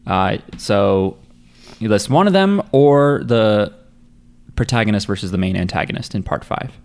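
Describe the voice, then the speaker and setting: A man's voice: on the low side, lively intonation, moderate pace. A man hosting a casual podcast chat, reading out listener mail and rambling with fillers and restarts.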